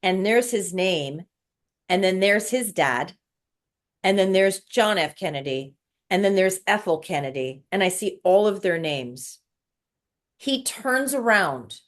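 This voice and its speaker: A woman's voice: medium pitch, lively intonation, slow pace, long pauses. A woman guest telling an emotional spiritual story in casual conversation, repeating words as she recounts it. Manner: emotional, repetitive, breathless recounting.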